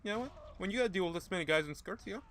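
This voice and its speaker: A man's voice: high-pitched, lively intonation, racing, a bit bright, slight background noise. A young man giving rambling, joking, profane commentary while playing a video game. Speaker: gaming YouTuber. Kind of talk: casual gameplay commentary.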